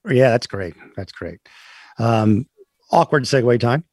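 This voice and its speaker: A man co-hosting a casual talk show, speaking haltingly with many fillers. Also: mid-range voice, expressive, a little mellow, no room sound. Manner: halting, filler-heavy, laughs easily. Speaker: co-host. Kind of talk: casual chat.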